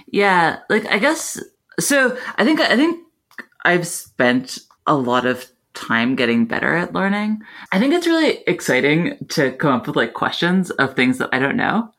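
A woman's voice: on the low side, unhurried. Laughing woman guest, full of fillers. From Canada. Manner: hesitant, fillers, laughing, animated. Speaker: guest, infrastructure engineer. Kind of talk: casual interview chat.

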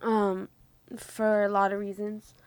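A woman who is a student in a music program, speaking candidly and haltingly with many fillers. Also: medium pitch, little pitch movement, a little mellow, clear, resonant tone, no echo. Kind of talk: casual group conversation.

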